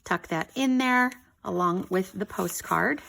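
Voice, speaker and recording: Excited woman hosting a craft flip-through. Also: mid-range voice, unhurried, creaky. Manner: excited, gushing, says "you guys" a lot. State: slightly out of breath. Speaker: craft channel host.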